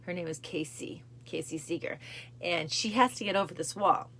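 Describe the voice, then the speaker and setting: Gravelly low-voiced woman chatting about her cancer journey, emotional, repeats stuff a lot, bit of hiss behind. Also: normal speed, fairly bright tone. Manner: emotional, repeats phrases, acts out film lines with rising pitch. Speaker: host of a cancer support show. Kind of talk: casual talk to camera.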